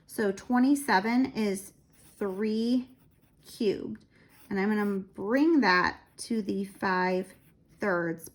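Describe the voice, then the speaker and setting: Lady walking through a math problem real slow, kinda tired, lots of ums. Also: mid-range voice. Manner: slow, step-by-step explaining with fillers. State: tired, out of breath. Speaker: math teacher. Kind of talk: recorded math lesson.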